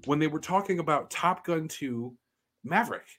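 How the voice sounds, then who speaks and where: A man co-hosting a podcast, telling stories in a casual, animated and profane way. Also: a little high, normal speed. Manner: animated, profane, emphatic storytelling. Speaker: podcast co-host. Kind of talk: casual chat.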